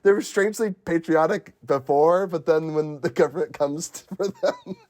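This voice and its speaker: A man's voice: fairly high pitch, moderate pace, darkish tone. A man hosting a casual podcast movie chat, retelling scenes with frequent laughter. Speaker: podcast host.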